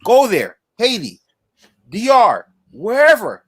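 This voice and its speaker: A man with a high, bright voice talks with runaway enthusiasm on a podcast livestream. He repeats and restarts his words in his excitement. The sound is dry and close. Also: normal speed, dry recording. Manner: passionate, effusive, restarts often. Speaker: podcast co-host. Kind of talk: excited casual livestream chat.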